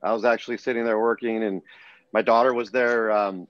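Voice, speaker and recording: A middle-aged man speaks as a podcast guest, recounting a personal moment with earnest energy and plenty of restarts. His voice sits on the low side. The sound is dull and lo-fi, with a very dry, close feel. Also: brisk, no room sound. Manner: earnest, animated storyteller with frequent restarts. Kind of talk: casual storytelling interview.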